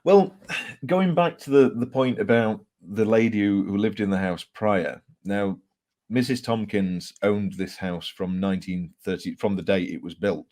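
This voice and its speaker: Man, very low voice, animated storyteller, fillers and laughs. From England. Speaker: author guest. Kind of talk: casual storytelling interview.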